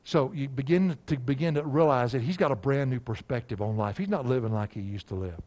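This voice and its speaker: A man preaching an expository sermon, quizzing his listeners and slowing down to read scripture aloud. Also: mid-range voice. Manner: animated, asks the congregation questions, slows for scripture.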